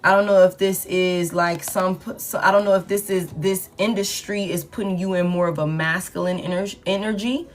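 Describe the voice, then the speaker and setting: A woman's voice: lowish voice, fairly even intonation, normal speed, hardly any pauses. A woman giving a casual tarot reading in a repetitive, emphatic, slangy pep-talk manner. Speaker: tarot reader.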